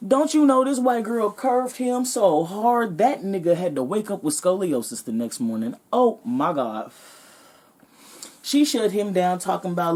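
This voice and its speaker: A woman vlogger telling a comedic story in a sassy, animated, profane way. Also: mid-range voice, moderate pace.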